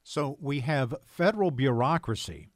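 A man's voice: medium pitch, animated, moderate pace, dry recording. Male host, pointed leading questions, dry close sound. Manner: brief affirming interjections, leading questions. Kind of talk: political talk show.

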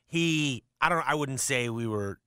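Bright-voiced columnist chatting on air. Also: male voice, medium pitch, measured pace, clean tone, no echo, clean studio sound. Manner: rambling, self-correcting storyteller. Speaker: newspaper columnist, radio guest. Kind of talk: casual chat.

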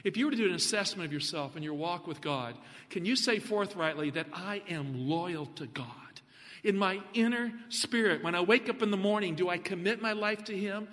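Man, preacher, sermon, bright forceful tone, lively questions to the congregation. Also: high-pitched, moderate pace, long reverb tail. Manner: animated, asks the congregation questions.

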